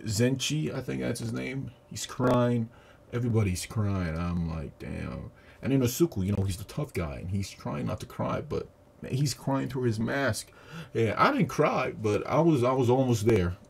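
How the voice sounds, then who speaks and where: A man giving a casual, profane, animated review of a movie he just saw. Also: mid-range voice, normal speed, creaky. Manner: profane, animated retelling with acted quotes. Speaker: video reviewer. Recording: audio static.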